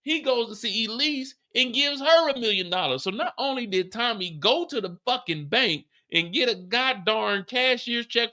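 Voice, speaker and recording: Gravelly, bright-voiced male show host. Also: very high-pitched. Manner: animated, profane storytelling. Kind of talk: live TV episode recap.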